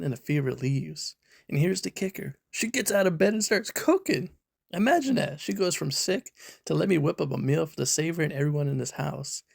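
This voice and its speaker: A man's voice: a little high, vocal fry, a little mellow. A man preaching a sermon, emphatic and full of rhetorical questions aimed at his listeners.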